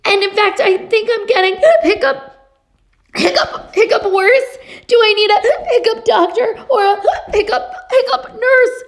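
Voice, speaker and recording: A woman's voice: extremely high pitch, measured pace, pitched above the performer's own voice. A woman doing a flustered hiccuping kid. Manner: words broken by hiccups and giggles. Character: child with endless hiccups, flustered.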